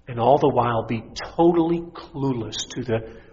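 A man's voice: medium pitch, moderate pace, big-room sound. A middle-aged man, a pastor, preaching a sermon with rising intensity and mocking voices. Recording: dull lo-fi recording.

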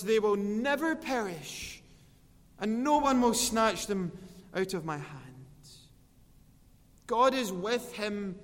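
A man with a high, light voice preaches at a slow, deliberate pace. He is earnest and lets his voice swell on the scripture lines. His voice carries a long reverb, like a large church hall. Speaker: pastor. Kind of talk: sermon.

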